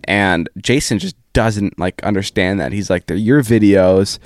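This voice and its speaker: A man's voice: on the low side, measured pace, dry recording, studio quality. A man hosting a casual podcast chat who asks a lot of questions and laughs often. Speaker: podcast host.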